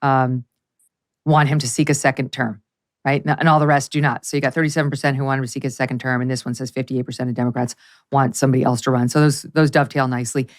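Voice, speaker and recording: Lively woman hosting political talk. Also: very deep voice, quick pace. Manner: animated, mocking voices while quoting. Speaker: podcast host. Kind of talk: casual political chat.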